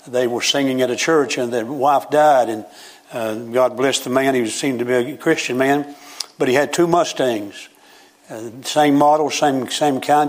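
An older man preaching a sermon in a folksy storytelling manner, quoting scripture along the way. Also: medium pitch.

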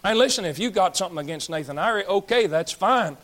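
A man's voice: sits high, animated, fast talker, fairly bright tone. A man, preaching a blunt, folksy sermon as pastor, scolding and joking with his congregation. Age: 30s. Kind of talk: fiery sermon.

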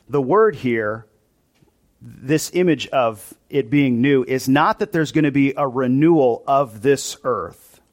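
A male pastor preaching a sermon to his congregation in a church, in a conversational style that often asks them questions. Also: medium pitch.

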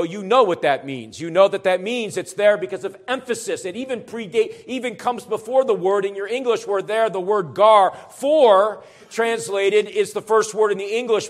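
High-voiced man preaching an earnest sermon. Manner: earnest preaching that builds to emphatic urgency. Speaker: pastor. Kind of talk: expository sermon.

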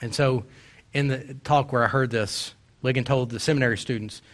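A middle-aged male pastor, delivering a sermon and slowing down to stress quoted verses. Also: medium pitch, fairly even intonation, fairly bright tone. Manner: emphatic preaching with slow, drawn-out quoted verses.

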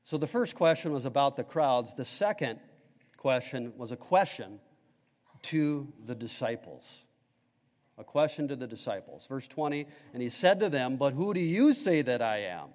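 A man's voice: medium pitch, expressive, normal speed, a little mellow, in a large hall. A male pastor preaching a sermon, emphatic, putting questions to the congregation.

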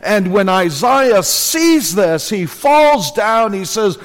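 A man's voice: sits high, big pitch swings, slow, hardly any pauses. A man preaching a sermon in church, earnest and building to emphatic repeated phrases. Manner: earnest, rising to emphatic repetition. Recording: long reverb of a church hall.

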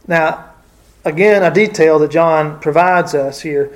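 A man's voice: fairly high pitch, unhurried. A man teaching a casual Bible study, talking hesitantly with many fillers and restarts.

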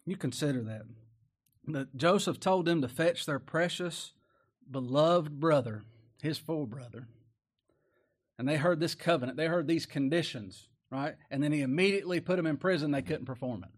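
A man's voice: on the high side, moderate pace. A man preaching a sermon in a folksy, conversational way, often asking rhetorical questions.

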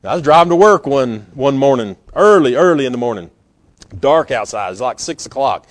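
A man preaching a sermon in a folksy, storytelling way, acting out scenes with sudden loud bursts. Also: medium pitch, animated, normal speed.

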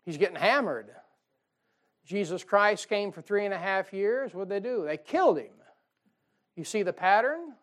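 A man's voice: high voice, lively intonation, normal speed, long pauses, fairly bright tone. A middle-aged man delivers a sermon as a pastor. He keeps it conversational and folksy, tossing in asides and little laughs as he moves through scripture.

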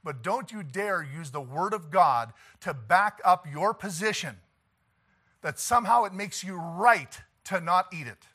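Pastor preaching hard, kinda high bright voice, gets loud then drops low, laughs a bit. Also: male voice, animated, measured pace, husky. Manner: impassioned preaching, rising to shouts, with chuckles. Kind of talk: sermon.

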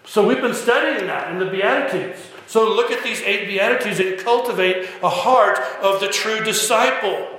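A man's voice: sits high, moderate pace, hardly any pauses, sharp tone. A man preaching a sermon, pressing listeners with repeated rhetorical questions. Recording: heavy echo, long hall reverb.

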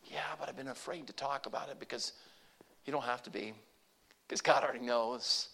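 A man preaching a sermon to a congregation, earnest and conversational, rising to emphatic peaks and dropping to soft, quiet asides. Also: medium pitch, a little fast, gravelly. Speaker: pastor.

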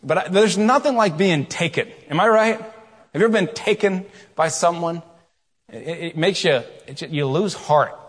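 A middle-aged man preaching a sermon, telling a story with quiet asides and loud, rising questions. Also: high voice, normal speed, breathy edge. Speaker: pastor. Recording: long hall reverb.

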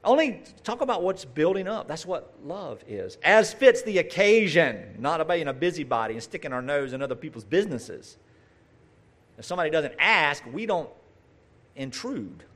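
A man delivers a sermon in a casual, direct way, full of asides and questions to the listeners. His voice sits a little high and swings widely up and down as he talks. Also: sing-song, moderate pace, a bit bright. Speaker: preacher. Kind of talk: conversational sermon.

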